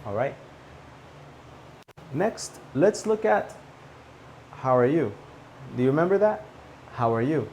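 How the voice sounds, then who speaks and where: A man teaching a spoken English lesson, repeating example phrases clearly and checking in with "okay?". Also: mid-range voice, sing-song, takes it slowly, pauses often, darkish tone, slight background noise.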